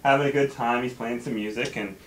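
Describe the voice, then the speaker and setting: A man's voice: mid-range voice, fairly even intonation, brisk. A man telling a long, rambling joke at a family holiday gathering, caught on a home camera mic. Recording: home recording with chatter behind.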